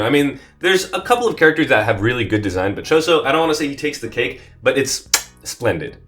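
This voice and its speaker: A man hosting a scripted comedic commentary video, playful and jokey, swinging between excited bursts and deadpan asides. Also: fairly low pitch. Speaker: anime commentary video host.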